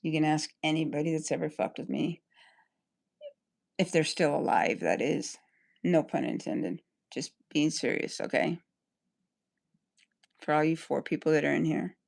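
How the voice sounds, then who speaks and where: A woman's voice: low voice, a little slow, gravelly, long pauses, a little mellow. Woman ranting heatedly, swearing constantly. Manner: heated, profane, rambling. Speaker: livestreamer. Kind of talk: angry livestream rant.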